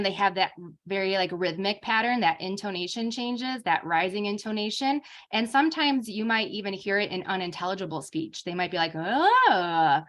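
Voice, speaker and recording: A woman's voice: mid-range voice, a bit bright. A young adult woman giving an informal lecture as a speech therapist, talking casually with many fillers.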